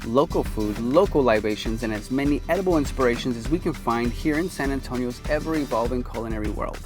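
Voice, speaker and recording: A man's voice: medium pitch, fast. A man hosting a cooking show, chatting upbeat to the viewer as he cooks. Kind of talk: casual cooking demonstration. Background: sizzling pan and background music.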